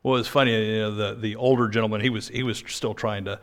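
A man's voice: fairly low pitch, steady tone, fast. A man preaching a sermon in a conversational storytelling manner, often breaking into laughs.

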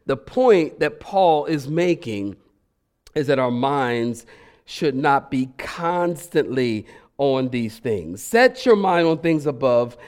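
A middle-aged man preaching a lively, conversational sermon as a guest preacher, playfully acting out voices. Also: mid-range voice, takes it slowly, clear, resonant tone.

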